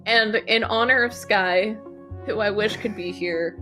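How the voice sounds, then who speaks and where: A woman hosting a livestream, chatting casually and warmly while playing game entries. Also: medium pitch, measured pace, soft background music. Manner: relaxed, friendly, laughs easily.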